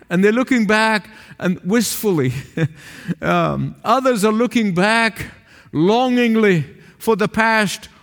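A man preaching a sermon to a small congregation in a church, emphatic, swinging between raised calls and low, quiet asides. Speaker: pastor. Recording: long reverb of a large hall.

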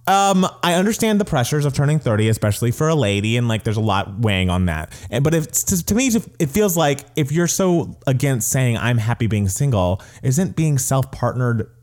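A male podcast co-host chatting in a casual, chatty way. His pitch moves a lot, rising and falling as he talks, and he laughs easily between points. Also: moderate pace, few pauses. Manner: chatty, animated, laughing often. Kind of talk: casual chat.

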